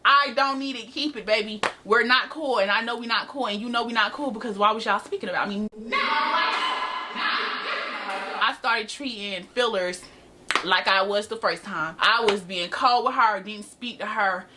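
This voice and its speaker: A woman's voice: mid-range voice, moderate pace, bright, forceful tone, slight background noise. An eighteen-year-old woman telling a dramatic, sassy storytime straight to her viewers, recorded on a camera mic. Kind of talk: casual storytime chat to camera. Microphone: built-in camera mic.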